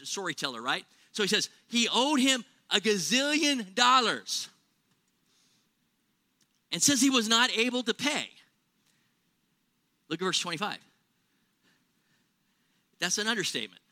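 A man's voice: high-pitched, sharp tone. A man preaching a sermon in a conversational way, asking rhetorical questions and exaggerating for humor. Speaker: pastor.

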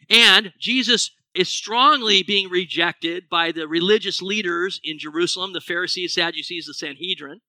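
A middle-aged man preaching a sermon, animated, asking the congregation rhetorical questions. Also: high voice, no echo, rough recording. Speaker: pastor.

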